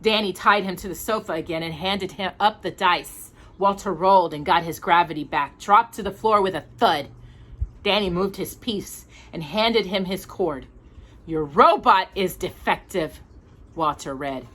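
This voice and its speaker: A woman reading a picture book aloud as a storyteller, with an expressive, animated delivery. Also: lowish voice, normal speed.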